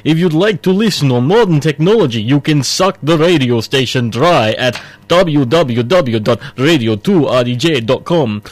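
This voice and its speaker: A man's voice: a little high, lively intonation, normal speed, hardly any pauses, no echo, natural voice. A man putting on a hammy male vampire voice with a bad Transylvanian accent, drawn out and theatrical. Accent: put-on bad Transylvanian accent.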